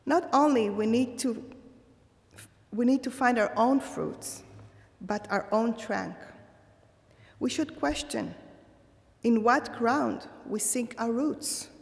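A woman delivers a reflective holiday sermon at an unhurried pace. Her fairly high voice carries a gravelly fry. A long reverb trails her words. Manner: slow, measured, thoughtful delivery. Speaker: religious speaker.

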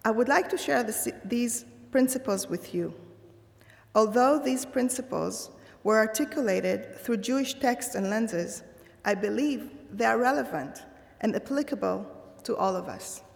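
A woman delivers a reflective holiday sermon at an unhurried pace. Her fairly high voice carries a gravelly fry. A long reverb trails her words. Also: animated. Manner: slow, measured, thoughtful delivery. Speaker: religious speaker.

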